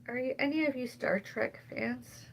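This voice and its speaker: A woman chatting on a live stream from home in a meandering way, sighing often and drifting between loud and soft. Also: high-pitched, normal speed, creaky, slight background noise, poor audio. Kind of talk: rambling live stream chat. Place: at home, indoors.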